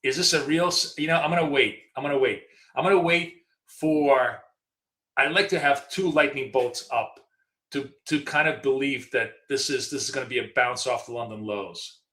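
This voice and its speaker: Speaking at a moderate pace in a slightly bright, medium-pitched voice, a middle-aged man co-hosts a live trading stream. The sound is reverberant, and he talks like a chatty storyteller, full of fillers and restarts.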